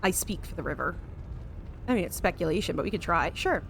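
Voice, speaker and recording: A woman's voice: on the low side, animated, brisk, creaky, fairly bright tone, faint music behind. An American woman streaming a game live, reading its text aloud with dramatic emphasis and chatting casually with her viewers, with the odd swear word thrown in. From United States.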